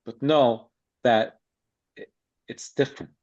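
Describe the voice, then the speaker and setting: A man's voice: medium pitch, steady tone, slow pace, a little mellow. A man speaking as a podcast guest about acting, blunt and emphatic in a streetwise way. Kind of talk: casual interview chat. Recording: slightly dull lo-fi sound.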